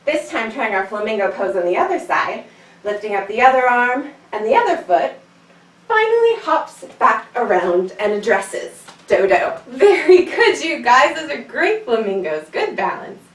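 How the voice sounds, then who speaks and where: A woman's voice: a little high, very animated, moderate pace, reverberant, recorded from a distance, poor audio. A woman teaching a children's yoga class, telling a story in a playful, sing-song way while guiding poses.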